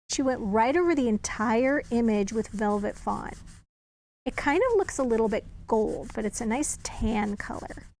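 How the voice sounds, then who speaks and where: A woman's voice: fairly high pitch, a little hiss or hum. Chatty woman demonstrating card crafting. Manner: chatty, talks while working, thinks aloud. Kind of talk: casual crafting tutorial.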